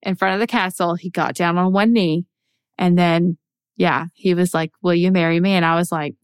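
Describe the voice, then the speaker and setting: A young adult woman co-hosting a podcast in casual chat, telling stories excitedly and acting out her own reactions. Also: fairly low pitch, moderate pace, clean tone, no echo, clean studio sound. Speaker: podcast co-host.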